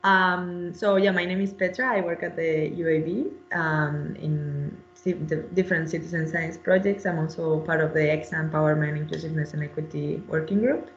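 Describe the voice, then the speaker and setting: A woman's voice: low voice, fairly even intonation, moderate pace, hardly any pauses, reverberant, highs cut off, slight background noise. A woman researcher presenting in a webinar, speaking hesitantly with many fillers and restarts.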